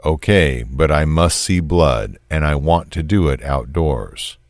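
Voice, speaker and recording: A man's voice: a bass voice, unhurried, dry recording, clean studio sound. A man reading as a cold, menacing controlling man. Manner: flat, cold, commanding.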